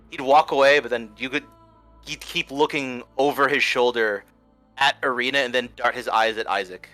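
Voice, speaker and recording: A man playing in a tabletop game, describing his character's actions in a rambling, casual way with many fillers. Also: mid-range voice. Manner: rambling, animated, many likes and uhs. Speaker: player.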